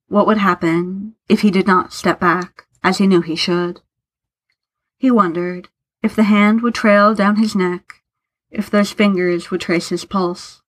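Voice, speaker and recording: A woman narrating fiction aloud in an unhurried, even storytelling manner. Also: mid-range voice.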